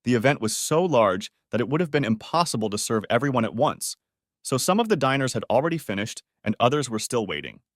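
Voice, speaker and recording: A man narrating a scripted story in an expressive storytelling manner. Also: medium pitch, brisk, dry recording, studio quality.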